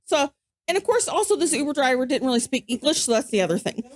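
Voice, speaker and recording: A woman, co-hosting a podcast and telling a story in casual chat, animated and acting out what people said. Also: high voice, fast, no room sound, studio quality. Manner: animated, acts out quoted voices. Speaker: podcast co-host.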